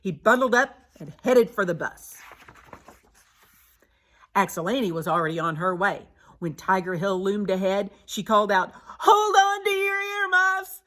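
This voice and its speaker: A woman reading a children's picture book aloud, expressive and animated. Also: medium pitch, moderate pace. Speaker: storybook reader.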